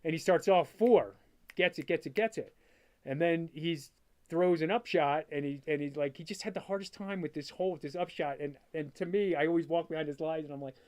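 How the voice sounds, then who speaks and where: A middle-aged man tells a story as an interview guest, his voice sitting a touch high. He talks in an animated rush, packed with "like" fillers, and acts out his own past remarks. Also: fairly quick. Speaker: guest, father of a disc golf player.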